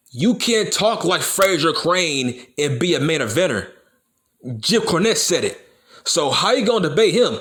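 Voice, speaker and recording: A man on a solo commentary video, going off in a heated and profane rant. His voice sits a bit high for a man and swings up and down a lot as he hammers each point over and over. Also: fairly bright tone. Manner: heated, profane, repeats himself for emphasis. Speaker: wrestling YouTuber. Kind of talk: profane opinion rant to camera.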